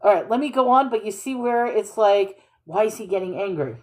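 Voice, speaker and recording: A woman's voice: mid-range voice, brisk, darkish tone. A woman reading scripture aloud and discussing it in a questioning, informal, think-aloud way. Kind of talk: casual bible reading and commentary.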